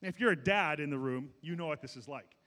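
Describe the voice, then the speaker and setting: A middle-aged male pastor preaching a sermon, swinging between loud peaks and quiet asides, with many restarts. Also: a little high, brisk. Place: large church sanctuary. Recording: long hall reverb.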